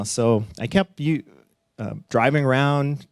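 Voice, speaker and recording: A middle-aged man telling a personal story live on stage, animated and swearing at times, leaping up in pitch as he acts out what people said. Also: a little slow, no echo, studio quality. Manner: animated, acts out quotes with big pitch jumps, laughs and swears.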